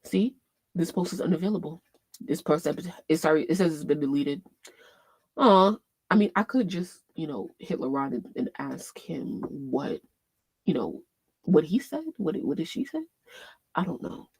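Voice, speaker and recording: A woman hosting a casual fan livestream, thinking aloud as she scrolls and reads posts, swearing freely and bursting into loud laughs. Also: sits low, expressive, moderate pace, vocal fry, slightly rough, no echo. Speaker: livestream host.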